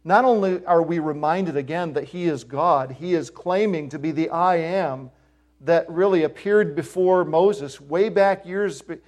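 A man's voice: a little slow, a little mellow. Emphatic man preaching a sermon. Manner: emphatic preaching, rises in pitch and volume on key phrases. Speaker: pastor.

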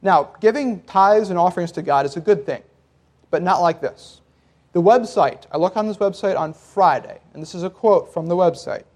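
A man with a notably high voice delivers a sermon to a congregation. He preaches in a relaxed, conversational way, explaining and joking as he goes. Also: moderate pace. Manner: conversational preaching with occasional laughs. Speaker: pastor.

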